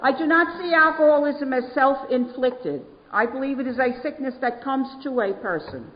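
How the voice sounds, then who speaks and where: A New woman with a fairly high voice tells her recovery story to a meeting. She leans hard on repeated words for emphasis. The recording is dull and lo-fi, with a long hall echo. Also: normal speed. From New York. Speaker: AA speaker.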